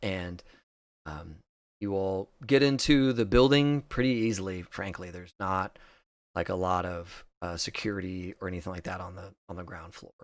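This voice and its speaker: A man running a tabletop role-playing game as game master, describing scenes in a halting way with many fillers. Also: deep voice, dry recording, studio quality.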